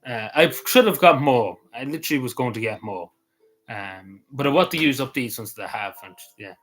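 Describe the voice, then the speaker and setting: An Irish man hosting a casual livestream, rambling with many ums and quick apologies. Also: medium pitch, lively intonation, fairly bright tone, rough recording. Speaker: livestream host.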